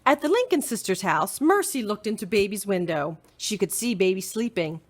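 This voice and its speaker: A woman librarian reading a children's chapter book aloud in an expressive storytelling manner. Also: medium pitch, normal speed.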